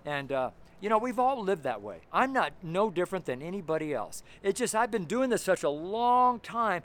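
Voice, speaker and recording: A man preaching a fervent street sermon outdoors beside a busy road, talking loudly and emphatically. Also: high voice, very animated, moderate pace. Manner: fervent, emphatic, loud at times.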